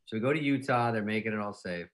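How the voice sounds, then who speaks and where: A man's voice: on the low side, quick pace. A man in his fifties, a comedian telling rambling anecdotes in casual chat, often laughing at his own stories. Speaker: comedian guest.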